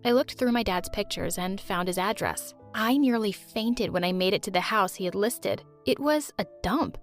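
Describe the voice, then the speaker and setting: A young woman narrating a first-person storytime tale with animated delivery and sarcastic asides. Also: mid-range voice, moderate pace. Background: faint music.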